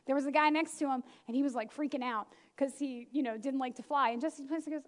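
A middle-aged woman preaching a lively sermon, laughing often and acting out the people she quotes. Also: high voice, quick pace.

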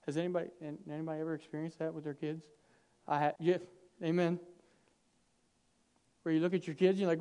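A man preaching a sermon, swinging from hushed, intimate lines to loud, animated bursts, acting out quoted dialogue with humor. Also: a little high, fairly quick, clean tone.

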